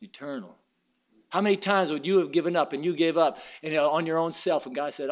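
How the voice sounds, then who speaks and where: A man's voice: high voice, animated, brisk, a bit bright. A man preaching a sermon in a fervent, folksy way, weaving in personal stories.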